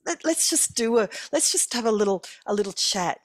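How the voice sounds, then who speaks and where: A woman in a casual group conversation, musing aloud in a halting way and repeating words. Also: a little high, animated, dry recording.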